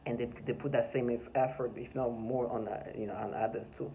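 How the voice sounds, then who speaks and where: A man's voice: mid-range voice, fairly even intonation, a little fast, gravelly, mellow, slight background noise, low-quality recording. A man talking by his front door in an agitated, rambling vlog monologue, full of stammered restarts and bitter laughs. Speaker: vlogger.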